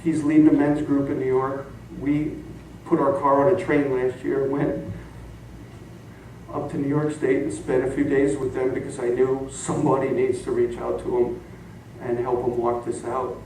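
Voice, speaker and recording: A man's voice: mid-range voice, moderate pace, a little hiss or hum. A middle-aged man preaching a sermon, telling stories and laughing along as he goes. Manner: animated, laughing storyteller. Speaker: pastor. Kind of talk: sermon storytelling. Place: church sanctuary. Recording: echoey hall from far off.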